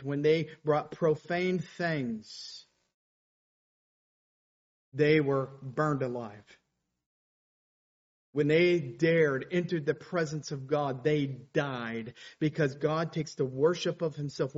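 A man's voice: on the high side, a little mellow, muffled recording. A man preaching a sermon, explaining scripture and reading Bible quotes with rising intensity.

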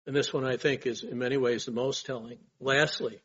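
Man, pastor, sermon, earnest rhetorical questions, husky voice, dull lo-fi sound. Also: mid-range voice, fairly even intonation, a little fast, fairly bright tone. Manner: earnest, asks rhetorical questions, swells in emphasis.

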